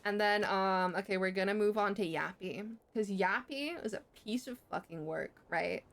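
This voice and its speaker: A young woman streamer telling a story in casual chat, swearing freely and jumping sharply in pitch. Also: normal speed, fairly bright tone.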